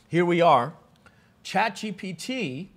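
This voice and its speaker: A man presenting a live webinar, telling stories with lively asides to the audience and frequent restarts. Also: sits high.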